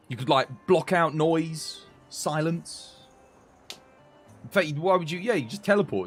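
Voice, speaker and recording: A man's voice: sits high, lively intonation, moderate pace, soft background music. A young British man rambling casually to his livestream viewers, swearing lightly as he chats. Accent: British English. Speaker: game streamer chatting with viewers.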